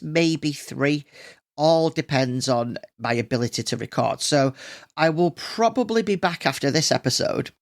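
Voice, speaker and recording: A man hosting a solo podcast, chatting casually and rambling with plenty of fillers and restarts. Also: fairly high pitch. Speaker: podcast host.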